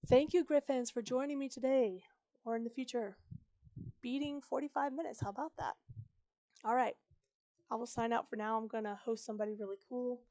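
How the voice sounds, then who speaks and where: A woman with a fairly high voice reads a novel aloud on a live stream. She chats casually with her viewers between passages. She stops to fix her own slips as she reads. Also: steady tone, a little fast, long pauses, darkish tone. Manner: chatty, self-correcting. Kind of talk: live-streamed book reading.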